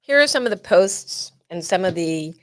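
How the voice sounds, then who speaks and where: A woman's voice: fairly low pitch, lively intonation, normal speed. A woman hosting a live awareness event, chatty and openly emotional as she presents. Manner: warm, emotional, chatty, uses y'all.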